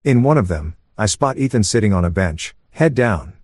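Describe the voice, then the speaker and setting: A man narrates a first-person story in a steady, even way. His voice sits fairly low. The recording is close and dry, with no room echo. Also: normal speed, breathy edge.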